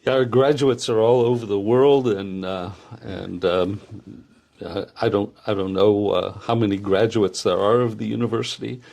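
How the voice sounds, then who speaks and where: An older man who founded the program speaks in a relaxed interview, pausing often with fillers. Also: lowish voice, vocal fry. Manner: hesitant, many filler pauses. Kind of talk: conversational interview.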